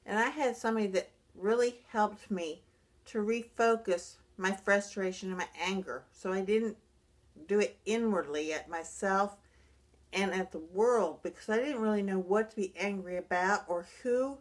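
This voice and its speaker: A middle-aged woman, a brain injury survivor, talking earnestly about her recovery in a halting way, often restarting her sentences. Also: mid-range voice. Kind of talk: personal vlog monologue.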